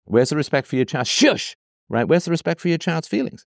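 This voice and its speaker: A man's voice: a little high, fast, gravelly, a little mellow, no room sound, studio quality. A man reading a text aloud and cutting in with sarcastic, emphatic commentary, often repeating phrases for effect.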